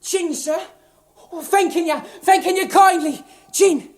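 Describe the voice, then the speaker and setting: A simple, eager young errand boy in a radio musical, naive and breathless. The voice is very high. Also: unhurried.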